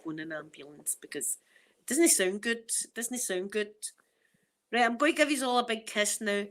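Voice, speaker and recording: A middle-aged woman with a Glaswegian accent, chatting casually to her viewers in a rambling, laughing way, her voice starting to go hoarse. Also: mid-range voice, normal speed, a bit bright, a little hiss or hum, poor audio. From Scotland. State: voice going hoarse. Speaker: vlogger.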